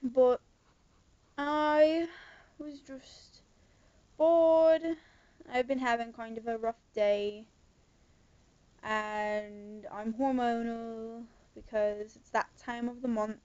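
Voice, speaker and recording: A young woman with a high voice puts on a British accent and rants in a sarcastic, casual vlog. She takes her time, stretching her words out slowly. She records from her bedroom, and the sound is dull and lo-fi with no room echo. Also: level tone, mellow. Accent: put-on British. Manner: sarcastic, ranting. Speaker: vlogger.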